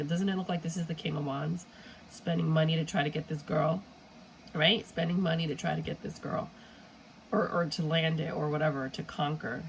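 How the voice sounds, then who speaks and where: A woman's voice: sits low, a little hiss or hum, rough recording. A woman giving a casual, rambling tarot reading with a stuffy, runny nose, sometimes throwing in Spanish exclamations. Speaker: tarot reader.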